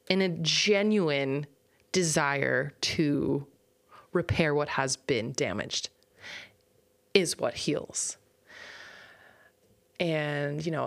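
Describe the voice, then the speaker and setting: A woman's voice: low-pitched, creaky. A young woman hosting a solo podcast, ranting bluntly and swearing freely. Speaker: podcast host.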